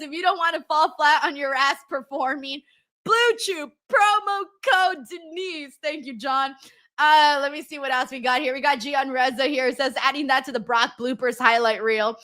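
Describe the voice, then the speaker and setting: A woman's voice: sits high, moderate pace, pushed and bright. A woman hosting a live stream, reading viewers' comments aloud in casual chat, laughing often and swearing freely.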